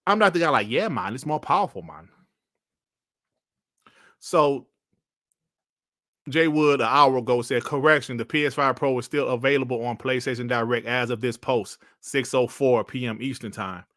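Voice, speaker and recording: A man's voice: medium pitch, moderate pace, a bit bright, dry recording, clean studio sound. A man giving casual, mocking commentary as a streamer, laughing often and swearing while he reads out and answers comments.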